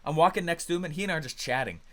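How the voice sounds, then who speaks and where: A man with a fairly high voice gives a motivational coaching talk. He speaks with energy and emphasis, telling stories quickly and conversationally, and sometimes breaks into loud, pressing bursts. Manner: quick, conversational storytelling with restarts. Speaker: business coach.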